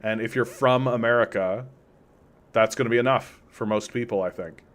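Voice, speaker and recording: A man's voice: mid-range voice, normal speed. A man hosting an unscripted political commentary stream, talking casually and rambling, reading chat comments and acting out imagined quotes in mocking voices. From Canada.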